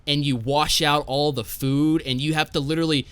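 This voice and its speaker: A man's voice: on the high side, steady tone, normal speed, fairly bright tone, clear, resonant tone, no room sound. A young man, a podcast guest, telling a casual story in a rambling, profane way and tagging his lines with "right?".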